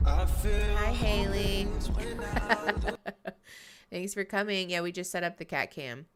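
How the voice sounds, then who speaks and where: A woman's voice: mid-range voice, slow, over loud music. A woman therapist chatting casually on a live stream, chatty and self-deprecating, laughing often. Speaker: therapist streaming a reality-show reaction.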